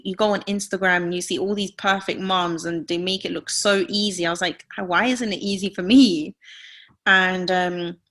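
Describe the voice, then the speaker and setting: A woman's voice: fairly low pitch, fairly bright tone. A woman in her thirties, a podcast guest, sharing a personal story in an earnest, confessional way, full of "like" fillers. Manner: earnest, heavy use of "like" fillers; openly emotional, confessional.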